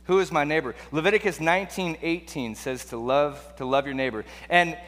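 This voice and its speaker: A man's voice: fairly high pitch, brisk, a bit bright. A man preaching a sermon in a conversational way, full of rhetorical questions and restarts. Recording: long hall reverb.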